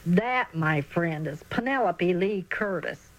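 A woman's voice: on the low side, expressive, takes it slowly, low-quality recording. A woman voicing an earnest, eager young boy in a children's storybook reading.

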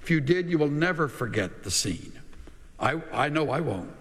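A man preaching a sermon as pastor, slow and measured, with dramatic pauses and emphasis that drops at the ends of lines. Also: a little high, expressive, a bit bright, long reverb tail.

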